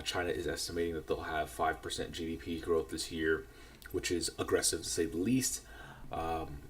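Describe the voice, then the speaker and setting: A man with a very deep voice talks through the markets on a livestream in a measured, cautious way. He often corrects himself as he goes, and he sounds a little distant from the mic. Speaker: trading livestream host.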